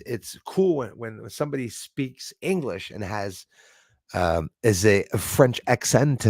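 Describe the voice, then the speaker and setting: A man's voice: on the low side, no room sound, clean studio sound. A man from Montreal, hosting a live stream and casually thanking his viewers as he signs off, switching between French and English. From Montreal, Canada.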